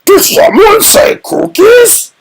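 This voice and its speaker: A man putting on the voice of a ravenous cookie-crazed furry monster with a gravelly, growling voice. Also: very high voice, takes it slowly, noisy background, pitched above the performer's own voice, heavily acted. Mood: greedy.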